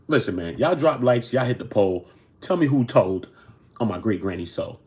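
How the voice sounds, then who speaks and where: Hosting a casual commentary show, a New Yorker with a New York accent swings between loud outbursts and low mutters. His intonation is lively and his pace moderate.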